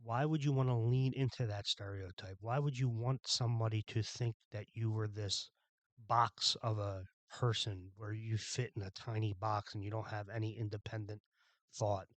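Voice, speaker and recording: A man's voice: on the low side, fairly even intonation, moderate pace, no echo. A man from Philadelphia hosting a podcast, delivering a blunt, irritated monologue with some swearing. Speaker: podcast host. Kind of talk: ranting monologue.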